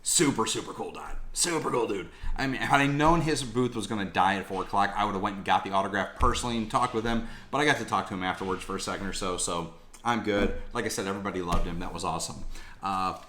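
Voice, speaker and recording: Slangy, animated man telling stories. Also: lowish voice, fast talker, a little hiss or hum. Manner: animated, slangy, swears freely. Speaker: collectibles vlogger. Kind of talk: casual storytelling vlog.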